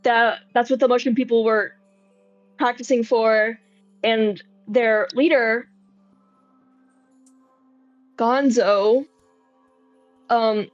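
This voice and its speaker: A woman's voice: fairly high pitch, fairly even intonation, drawn-out words, long pauses, no room sound, lo-fi sound, soft background music. A woman voicing a nervous, rambling young man in a tabletop game, talking hesitantly with lots of fillers. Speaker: player. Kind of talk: tabletop role-play in character.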